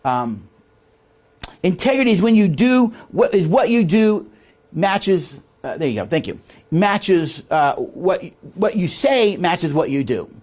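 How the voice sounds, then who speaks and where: A man's voice: high-pitched, very animated, takes it slowly, darkish tone. A man teaching leadership in a classroom lecture, quizzing his listeners with fill-in questions before a live audience.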